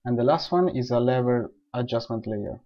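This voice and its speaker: A man calmly explaining software steps one by one in a screen-recorded tutorial. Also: medium pitch, moderate pace. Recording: dull lo-fi voice recording.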